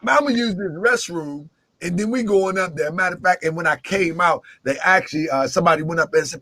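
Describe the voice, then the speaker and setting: A man telling a long, jokey story in lively chat, acting out the voices he quotes. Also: a little high, fairly quick, dry recording.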